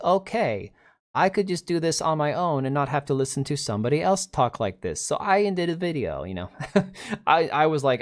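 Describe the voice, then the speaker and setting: A man in his thirties hosting a casual livestream from a home setup with a desk mic. He rambles and opinionates bluntly, restarting sentences and answering the chat, at an ordinary mid pitch. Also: expressive, normal speed. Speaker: livestream host.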